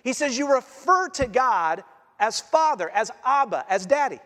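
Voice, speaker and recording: High-voiced male pastor preaching in a hall. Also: a little slow. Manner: animated, conversational preaching with acted-out quotes. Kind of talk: sermon. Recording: long hall reverb.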